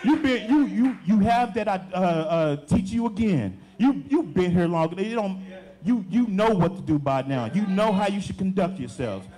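A man's voice: high voice, animated, moderate pace, dark tone. A young adult man, a deacon, preaching a sermon with emphatic, repeated phrases.

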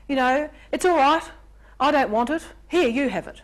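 A woman voicing an eager, self-sacrificing people-pleaser in a high, overly accommodating voice. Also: moderate pace, close to an everyday voice.

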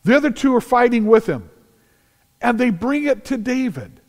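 A man preaching a sermon as pastor, telling Bible stories in an animated way and acting out the scenes. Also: very high-pitched, moderate pace. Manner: animated storytelling, acts out scenes, shouts at climaxes. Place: large church sanctuary. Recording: long church reverb.

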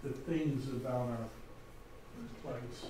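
A man teaching a Greek class, thinking aloud, with many fillers and pauses. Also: medium pitch, fairly even intonation, mellow, slight background noise.

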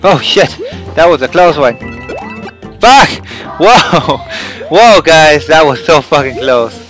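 Excitable swearing gamer man yelling. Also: a little high, slow pace, soft background music. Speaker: let's play host. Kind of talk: gameplay commentary.

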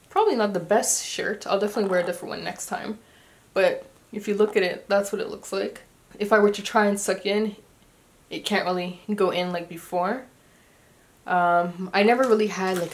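A woman's voice: medium pitch, normal speed. A young woman chatting casually in a pregnancy update vlog, a little short of breath, with loose talk and many ums. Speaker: vlogger.

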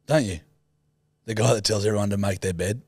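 A man's voice: fairly low pitch, fairly quick, a little mellow, dry recording. A man hosting a podcast in casual chat, teasing and playful, laughing often. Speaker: podcast host.

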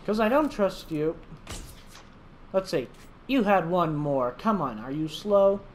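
A man's voice: high-pitched, lively intonation, slow pace, slight background noise. Chatty man narrating a game playfully. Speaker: gaming channel host. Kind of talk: casual gameplay commentary.

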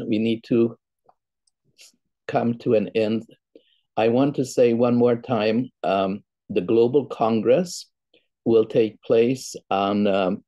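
An older man hosting an interview, speaking in a slow, measured way as he wraps up the show. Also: medium pitch, warm tone, dry recording, lo-fi sound. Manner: slow, measured, spells things out. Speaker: podcast host. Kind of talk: interview host wrap-up.

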